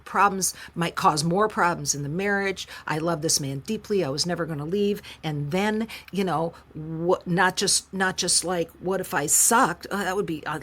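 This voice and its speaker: A middle-aged woman from the United States, a singer-songwriter telling her story as an interview guest in a frank, emotional, animated way. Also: lowish voice, breathy edge. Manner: frank, emotional, animated retelling with quoted voices. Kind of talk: candid conversational storytelling.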